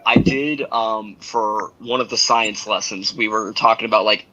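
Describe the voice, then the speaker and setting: A man's voice: fairly low pitch, normal speed, lo-fi sound. A young man, a schoolteacher, chatting casually on a sports podcast and acting out the people in his stories. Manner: animated storyteller, acts out quotes.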